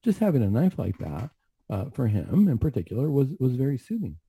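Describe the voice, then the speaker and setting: A man's voice: medium pitch, very animated, brisk, dark tone, breathy edge, no echo. A man who works as a counselor, giving an earnest, reflective faith testimony on a talk show with many asides. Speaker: mental health counselor.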